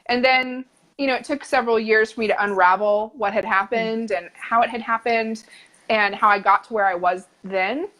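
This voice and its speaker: A woman's voice: fairly high pitch, steady tone, moderate pace, a bit bright, low-quality recording. A woman hosting a podcast who speaks in an earnest, reflective way about her own experiences. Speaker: podcast host. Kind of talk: casual conversation.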